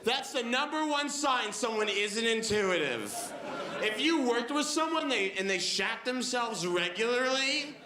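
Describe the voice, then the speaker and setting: A man's voice: very high-pitched, expressive, measured pace, crowd noise, background noise. A man in his twenties doing a stand-up set, telling stories with a wry tone and acting out what people said. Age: 20s. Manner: wry storytelling with acted-out quotes. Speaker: stand-up comedian. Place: comedy club stage with live audience. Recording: echoey club with audience laughter.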